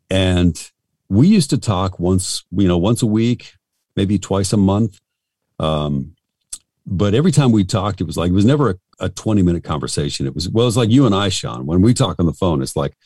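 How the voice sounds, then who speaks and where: A man's voice: deep voice, a little mellow, dry recording, studio quality. A middle-aged male voice actor talking casually and frankly in an interview, rambling and self-deprecating.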